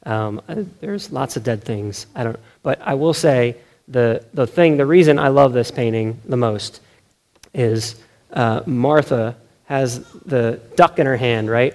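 Chatty male preacher, mid-pitched voice. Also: normal speed. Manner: conversational, self-correcting, keeps asking "right?"; animated, laughs often. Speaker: pastor. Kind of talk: sermon.

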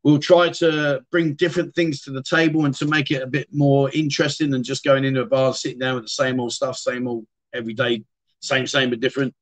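This livestream host, a middle-aged man with a British English accent, talks at a fairly quick clip with a medium pitch and flat delivery. He loosely chats and reads viewer comments at home, frequently trailing off and restarting.

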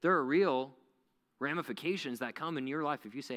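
A man preaching a youth sermon in a casual, animated way, full of "like" fillers. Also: mid-range voice, brisk. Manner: conversational, animated, many "like" fillers. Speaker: youth pastor. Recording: echoey hall reverb.

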